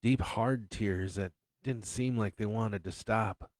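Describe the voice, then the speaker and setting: A man, an author, reading his own first-person story in an unhurried, reflective way. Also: on the low side, a little mellow, no room sound.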